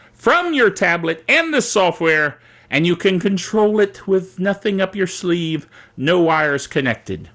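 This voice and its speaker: A man hosting a casual tech show, excitable and giggly, with jokey asides, talking into a studio microphone. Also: fairly high pitch, creaky.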